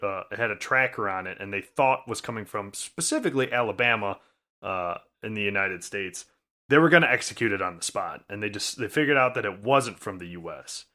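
A man's voice: on the low side, pushed and bright. A man co-hosting a podcast in casual chat, telling stories with a dry, wry manner. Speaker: podcast co-host.

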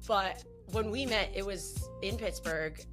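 A young woman with a New Jersey accent, hosting a podcast in a loud, fast, teasing casual chat. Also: medium pitch, soft background music. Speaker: podcast host.

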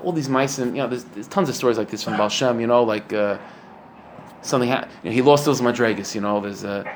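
A man teaches a Torah class in an earnest, explanatory way, asking rhetorical questions and filling pauses with frequent fillers. His voice sits at a middle pitch. A faint hiss of noise runs underneath. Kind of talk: Torah lecture.

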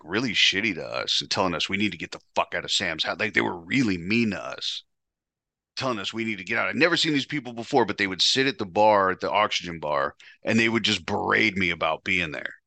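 A podcast host with a low-pitched, sharp voice tells a candid personal story a little fast, on audio with no echo. His delivery is blunt, profane, and confessional.

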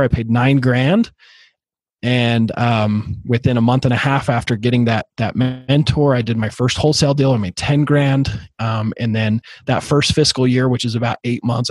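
A man in his early thirties with a slightly husky voice tells his story as a podcast guest. He speaks in a halting way, with many fillers and restarts. The sound is dry and close. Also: mid-range voice, a little mellow, no room sound. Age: 30s. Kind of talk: casual interview storytelling.

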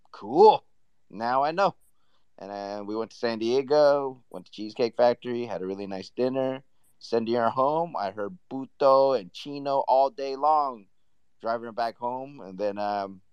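A man from Southern California tells a rambling story in a loose, casual way and laughs as he goes. His voice sits at an ordinary pitch. The audio is dull and lo-fi and sounds dry. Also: darkish tone, smooth, no echo. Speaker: panelist. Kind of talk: casual chat.

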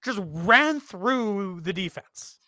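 A Canadian man co-hosts a casual sports podcast, speaking slowly in a voice that sits high, with no echo. He is animated and blunt, swearing freely.

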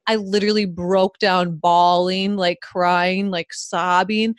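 A woman's voice: fairly low pitch, little pitch movement, takes it slowly, few pauses, dry recording, studio quality. A woman co-hosting a podcast, chatting in an effusive, emotional way full of "like" and "you know". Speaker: podcast co-host. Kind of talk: conversational podcast chat.

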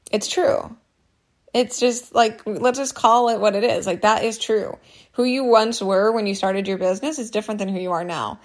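A woman in her thirties hosting a solo business podcast, chatty and candid, her voice a little hoarse from allergies. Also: mid-range voice, fairly even intonation, moderate pace. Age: 30s. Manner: candid, chatty, many likes and ums. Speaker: podcast host.

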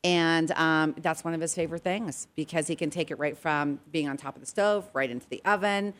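A woman's voice: a little fast, a bit bright. A middle-aged woman from Canada, chatting as a guest with upbeat, persuasive energy. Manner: upbeat, sales-pitch energy. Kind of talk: casual chat.

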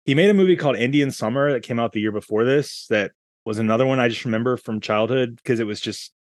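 Man, mid-pitch voice, rambling chatty podcast host, dry recording. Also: quick pace, dry recording. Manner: chatty, rambling, laughs while talking. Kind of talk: casual movie chat.

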